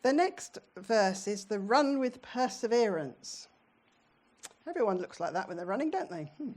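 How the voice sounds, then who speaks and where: A middle-aged British woman with a medium-pitched voice preaches a sermon in church. Her delivery is conversational, and she frequently poses questions to the congregation.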